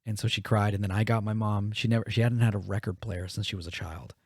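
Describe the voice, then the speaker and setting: A man's voice: on the low side, fairly even intonation, fast talker, darkish tone, husky, no echo, clean studio sound. A man co-hosting a podcast, telling a story in casual, profane chat and acting out the quotes. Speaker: podcast co-host.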